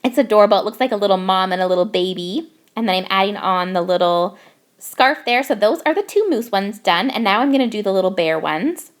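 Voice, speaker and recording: A woman's voice: mid-range voice, animated, a little fast. A young woman from Canada narrating her craft process in a bubbly, gushing way. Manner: bubbly, gushing over cute details. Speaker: craft YouTuber.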